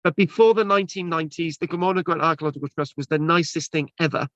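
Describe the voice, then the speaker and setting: A man talks casually on a video call, restarting his sentences and filling gaps with ums. His voice sits a little high, and the sound is close and dry. The audio is dull and lo-fi. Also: quick pace, a bit bright, no room sound. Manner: rambling, many restarts and fillers. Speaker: presenter. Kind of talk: casual chat.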